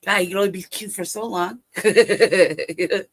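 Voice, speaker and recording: A woman's voice: medium pitch, fairly even intonation, a little slow. A woman from Los Angeles telling a childhood story on a livestream call, swearing constantly and laughing often. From Los Angeles, California. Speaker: livestream guest. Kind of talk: casual storytelling.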